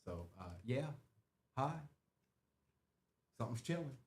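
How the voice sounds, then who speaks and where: A man's voice: mid-range voice, sing-song, takes it slowly. A man hosting a live card break, chatting casually and rattling off names as he opens packs.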